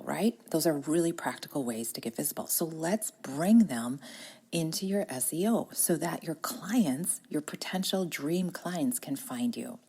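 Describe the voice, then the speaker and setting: A woman talks in a casual podcast monologue, upbeat and chatty, laughing often. Her voice sits low with a gravelly, slightly husky texture. She records from a corner of her home. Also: a little mellow. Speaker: podcast host and business coach.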